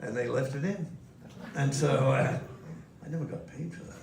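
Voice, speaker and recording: Picked up from a distance in an echoey, noisy museum event hall, an older Australian man tells anecdotes with chuckles before an audience. He's a guest at a live stage interview, speaking at normal speed in a mid-range voice.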